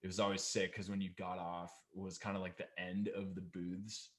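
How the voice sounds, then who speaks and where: A man's voice: low-pitched, little pitch movement, brisk. A young man, a guest musician, telling a story casually with many fillers. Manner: loose, filler-heavy storytelling. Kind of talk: casual chat.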